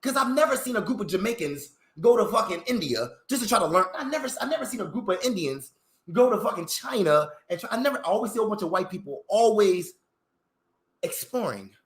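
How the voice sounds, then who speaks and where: A man's voice: high-pitched, fairly quick. A man ranting in a rambling, profane vlog monologue, full of slang and rhetorical questions. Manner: animated, swearing, heavy slang, rhetorical questions. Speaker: vlogger. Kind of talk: profane, rambling opinion rant. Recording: roomy echo.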